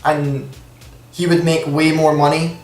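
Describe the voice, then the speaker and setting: A man's voice: a little high, level tone, measured pace, roomy sound, distant mic, soft background music, low-quality recording. A man in his twenties with a Scottish accent, chatting casually through a Q&A vlog from home with lots of fillers. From Scotland. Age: 20s. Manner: chatty, rambling, many fillers. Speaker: YouTube gaming channel host. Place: room at home at night. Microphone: camera on tripod.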